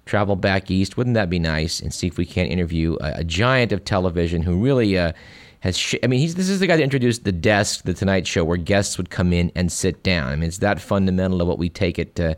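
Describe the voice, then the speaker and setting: A man's voice: deep voice, brisk, no echo. A man hosting a radio show, chatting wryly and reading listener emails aloud. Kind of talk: casual radio commentary.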